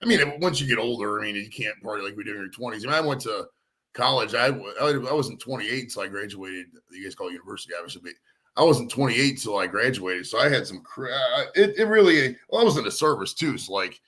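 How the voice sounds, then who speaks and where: Middle-aged man, quick speech, laid-back, casual swearing, says dude. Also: lowish voice, animated, fairly bright tone. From Ohio, USA. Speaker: guest caller. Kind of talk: casual chat.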